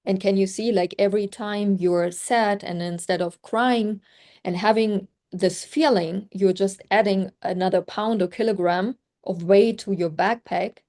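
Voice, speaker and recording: A woman's voice: mid-range voice, steady tone, unhurried, a little mellow. A woman coaching on a group video call, talking in a chatty, reflective way with many "like" fillers; her first language is German. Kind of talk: casual group call talk.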